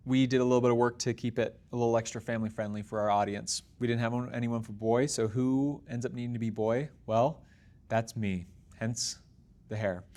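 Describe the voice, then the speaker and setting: Man, young adult, show host, casual talk to camera, earnest, upbeat, encouraging, mid-pitched voice. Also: darkish tone. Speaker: podcast host.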